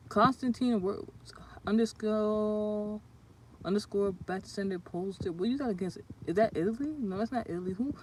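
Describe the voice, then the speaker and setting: A woman's voice: medium pitch, normal speed, slight background noise. A woman on a casual livestream who reads tarot cards and viewer comments, speaking bluntly and swearing often. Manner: blunt and profane, trades insults with commenters. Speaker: tarot reader streaming live.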